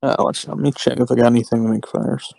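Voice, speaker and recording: A man with a gravelly, mellow voice chats as a player in a tabletop game. He is easygoing and stops often on fillers. The sound is dry and close. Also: mid-range voice, steady tone, fast talker, dry recording. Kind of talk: casual chat in a tabletop game.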